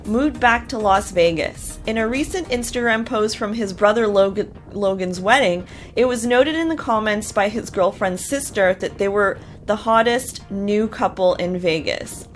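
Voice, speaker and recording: A woman in the host seat of a casual TV recap, chatting through the episode in her ordinary middle-pitched voice. She is opinionated and loose, with fillers and quick asides sprinkled throughout. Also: faint music behind.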